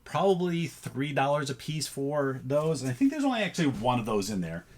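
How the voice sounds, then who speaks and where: A man's voice: mid-range voice, sing-song, fairly quick, darkish tone. Chatty man sorting a thrift haul. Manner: chatty, thinking aloud while sorting items. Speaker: reseller showing a thrift haul. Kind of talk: casual vlog chat.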